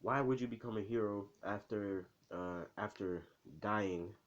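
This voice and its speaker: A man's voice: fairly low pitch, measured pace, muffled recording, natural voice. A man voicing a female news reporter who asks pushy, insistent questions.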